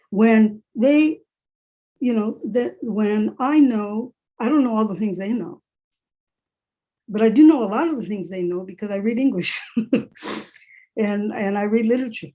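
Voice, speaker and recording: A woman's voice: fairly high pitch, normal speed, pauses often, dark tone. A woman who is a writer and English professor, talking candidly in a panel discussion over a video call and repeating phrases for emphasis.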